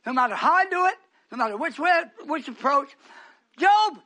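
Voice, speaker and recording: A male preacher with a very high, bright voice delivers a scolding sermon at a slow, deliberate pace. He swings between shouting and near-whispers, his pitch leaping all over. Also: animated. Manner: scolding, shouts then drops to hushed tones. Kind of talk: fiery sermon.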